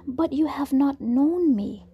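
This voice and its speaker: A woman's voice: a little high, lively intonation, a little slow, highs cut off, faint music behind. A woman voicing a wounded, shocked young man in a whispered role-play, speaking in a far-off, pained whisper.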